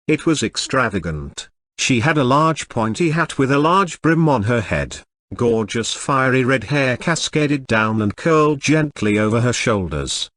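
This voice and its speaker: A man's voice: medium pitch, fairly bright tone, no room sound. A man reading a first-person novel aloud as an audiobook, telling the story expressively. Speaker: audiobook reader.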